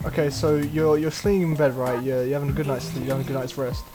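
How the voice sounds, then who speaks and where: A man's voice: mid-range voice, fairly even intonation, fast. A young man chatting casually, spinning silly hypothetical stories in a playful way. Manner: playful storyteller with silly put-on voices. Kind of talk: casual chat. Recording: music playing behind.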